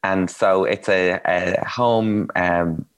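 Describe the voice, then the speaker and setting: A man's voice: low-pitched, steady tone, takes it slowly, clean tone. A man telling candid, self-mocking stories in a casual chat, with plenty of ums and asides. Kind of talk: casual anecdotal storytelling.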